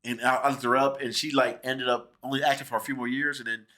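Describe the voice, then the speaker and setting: A man's voice: mid-range voice, fast. A man hosting a casual film review chat with his sister, telling stories and acting out what people said. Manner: animated storyteller who acts out quoted people.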